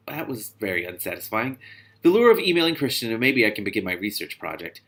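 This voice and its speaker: A man's voice: very animated, quick pace, fairly bright tone. A man reading a novel aloud with comedic commentary, sarcastic and exasperated, swearing freely and muttering the narration. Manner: reads narration in a low muttering voice. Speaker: reader and commentator.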